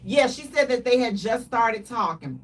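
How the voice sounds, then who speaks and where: High-voiced animated woman radio host. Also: moderate pace, distant mic. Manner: animated, dramatic storytelling with playful exaggeration. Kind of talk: casual talk radio chat.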